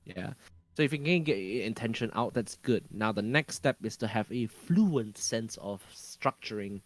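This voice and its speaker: A man's voice: on the low side, lively intonation, moderate pace. A man from Malaysia with a Malaysian English accent, a podcast guest talking casually, often hunting for words and restarting sentences. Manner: searching for words, many restarts and fillers.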